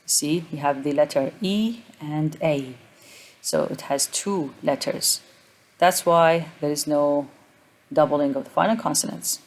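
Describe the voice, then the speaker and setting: Low-voiced woman lecturing on grammar. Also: unhurried. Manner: methodical, repeats example words aloud, frequent uh fillers. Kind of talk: recorded lecture explaining spelling rules.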